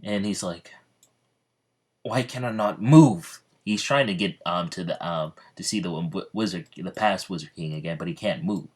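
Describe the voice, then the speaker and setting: A man's voice: sits low, fairly even intonation, fairly quick, few pauses, husky. A man telling a fan-made story in a hesitant, rambling way, full of ums and restarts. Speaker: channel host.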